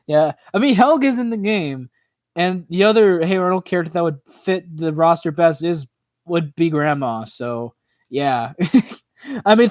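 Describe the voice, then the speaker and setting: A man hosting a livestream in a casual, rambling chat, filling his talk with "like" and "you know" as his voice tires and goes hoarse. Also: a little high, dry recording. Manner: rambling, full of "like" and "you know", quick laughs. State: voice tiring and hoarse. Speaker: livestream host. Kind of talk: casual chat reacting to viewer comments.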